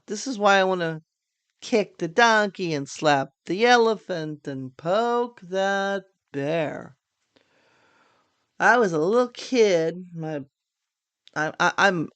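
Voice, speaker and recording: A woman's voice: fairly low pitch, clean tone, dry recording. An older woman hosting a casual political monologue, chatty and joking, sounding tired late at night. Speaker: podcast host.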